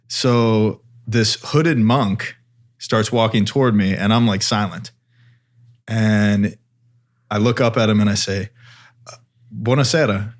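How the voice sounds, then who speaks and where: A man's voice: on the low side, slow. A man co-hosting a podcast, telling a story in a casual chat and acting out the voices of people in it. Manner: animated storyteller, acts out voices. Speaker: podcast co-host.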